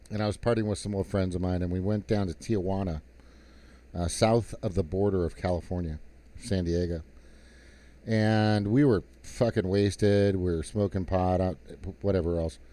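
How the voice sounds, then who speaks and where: A man's voice: lowish voice, warm tone. A man on a live stream, telling a rowdy story in casual, profane talk that turns into a heated political rant.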